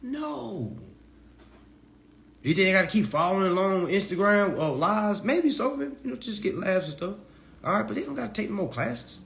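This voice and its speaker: Animated man lecturing casually with slang. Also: moderate pace, vocal fry. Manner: loose, preachy, slangy and swings into high mocking voices. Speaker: online legal self-help teacher. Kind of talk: casual live-stream lecture.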